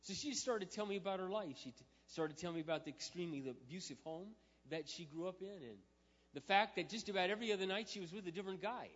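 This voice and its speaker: A male pastor telling a story in a sermon, moving from quiet, intimate storytelling to loud, emphatic preaching. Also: high-pitched, fast talker. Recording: muffled sound with long hall reverb.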